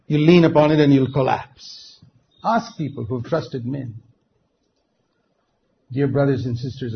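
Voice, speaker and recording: A man preaching a sermon, emphatic, dropping to quiet asides and then rising to loud, stressed words. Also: medium pitch, gravelly. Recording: dull lo-fi recording with faint noise.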